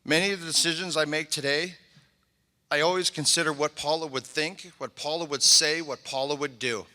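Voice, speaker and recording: A middle-aged man gives a heartfelt inauguration speech with a very bright, forceful tone and a fairly high voice. The sound carries a long reverb from a large convention hall. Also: fairly even intonation, moderate pace. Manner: heartfelt and emotional, thanking people one by one. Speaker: mayor.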